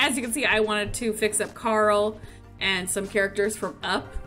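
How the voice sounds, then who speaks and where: Young woman doing game commentary, chatty and playful, bright voice, some music behind. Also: mid-range voice. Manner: chatty storytelling with playful quoted asides. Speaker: gameplay narrator.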